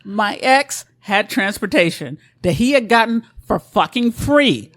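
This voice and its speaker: A middle-aged woman, co-hosting a podcast and telling a story in a profane, animated, laughing way. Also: medium pitch, a little slow, no room sound, studio quality. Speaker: podcast co-host. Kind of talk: casual chat, storytelling.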